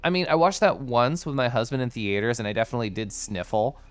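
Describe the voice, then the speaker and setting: Chatty male streamer, bubbly and giggly, very expressive pitch, smooth clear voice. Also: fast talker, no echo. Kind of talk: casual livestream chat over gameplay.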